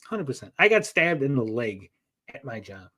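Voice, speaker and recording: A man's voice: mid-range voice, big pitch swings, normal speed, bright, forceful tone. A man hosting a casual livestream, rambling and joking as he reads out chat messages. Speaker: livestream host.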